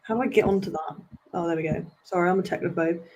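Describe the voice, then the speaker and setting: A woman's voice: on the low side, fast talker, a little mellow, muffled recording. A British woman talking as a podcast guest in a casual, chatty and self-deprecating way. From Britain. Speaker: podcast guest, wrestling manager. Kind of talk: casual chat.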